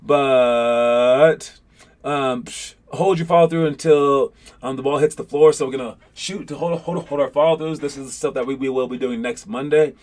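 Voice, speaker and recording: A young man coaching young basketball players in a casual pep talk, rambling with lots of fillers and getting animated as he retells scenes. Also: mid-range voice, fairly quick.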